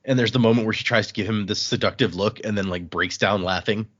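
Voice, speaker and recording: A man's voice: fairly low pitch, quick pace, fairly bright tone, dull audio. A man hosting a book podcast, retelling scenes in casual chat and acting out the dialogue in shifting voices. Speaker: podcast host recapping a book.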